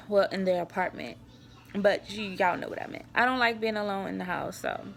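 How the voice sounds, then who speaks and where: A woman's voice: mid-range voice, moderate pace, vocal fry, faint music behind. A young woman chatting to viewers in a casual home cooking vlog, sighing now and then and fighting back tears, recorded on a camera on a tripod in her kitchen. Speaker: vlogger.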